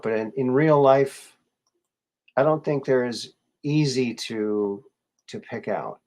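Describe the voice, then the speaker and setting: A man hosting a casual live show, musing and rambling with many fillers and restarts as he greets viewers. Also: mid-range voice. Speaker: show host.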